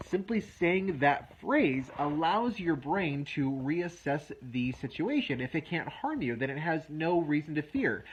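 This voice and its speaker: A man in his thirties, a wellness coach, explaining a method step by step in a relaxed, self-deprecating way. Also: fairly high pitch, highs cut off, a little hiss or hum. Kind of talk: instructional talk to camera.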